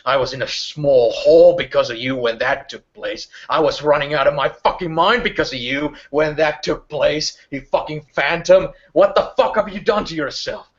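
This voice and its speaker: A man's voice: on the high side, moderate pace, few pauses, voice pushed up, lightly acted. A game master voicing a furious, foul-mouthed woman gang boss, swearing constantly and hurling accusations. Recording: dull lo-fi recording.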